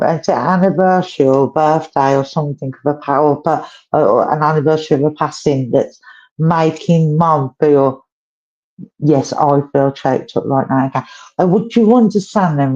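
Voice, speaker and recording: A woman working as a medium, giving a live reading in halting, repetitive phrases and gentle questions to the sitter. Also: low-pitched, muffled recording. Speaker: psychic medium.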